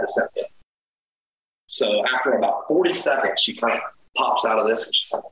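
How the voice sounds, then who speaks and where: A man's voice: mid-range voice, fast talker. A man telling a personal story in casual talk, acting out what people said. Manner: animated, acts out quotes. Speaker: guest storyteller. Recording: echoey room with faint noise.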